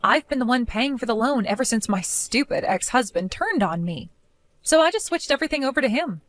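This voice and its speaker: A woman voicing a defiant, mocking young daughter-in-law in an animated story, speaking in a sarcastic way. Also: on the high side, brisk, natural voice. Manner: sarcastic, mocking, laughs often.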